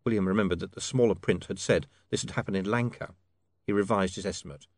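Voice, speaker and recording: A man narrating an audiobook in a measured, expressive reading. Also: lowish voice, no echo.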